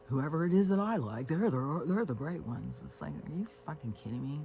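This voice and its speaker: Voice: medium pitch, expressive, a little fast, gravelly, a little mellow. Rambling, cursing home vlogger. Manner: profane, meandering, frequent fillers and restarts. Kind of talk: casual rambling monologue. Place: at home on a couch with pets.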